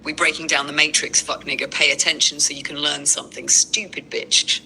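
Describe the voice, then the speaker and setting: A foul-mouthed female AI assistant voiced by a woman that erupts in profane insults. Her voice sits a touch low yet rings very bright and sharp. Her rage is crude and relentless. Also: little pitch movement, fairly quick, gravelly, a little hiss or hum, exaggerated voice, poor audio. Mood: furious cursing.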